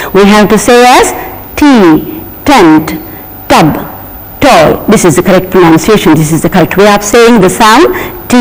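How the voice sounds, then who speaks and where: A teacher with a Telugu-influenced Indian English accent, speaking slowly and deliberately, repeating sample words and spelling them letter by letter in a televised pronunciation lesson. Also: mid-range voice. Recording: long hall reverb.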